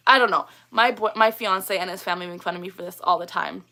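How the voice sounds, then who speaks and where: Woman, 20s, livestream host, casual chat, reads and answers comments, bright voice. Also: mid-range voice, fairly quick. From Canada. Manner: chatty, reads viewer comments aloud and answers them.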